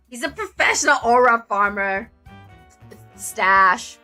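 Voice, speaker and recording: Woman streamer, jokey game commentary, high pitch, faint music behind. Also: moderate pace. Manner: excitable, jokey, shouting asides. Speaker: streamer reading a visual novel. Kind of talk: playful game commentary and narration.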